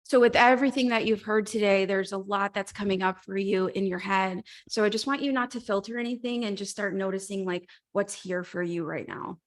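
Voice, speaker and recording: A woman life coach giving a heartfelt, encouraging motivational talk over a video call, with soft laughs now and then. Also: medium pitch, brisk, hardly any pauses. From Mexico.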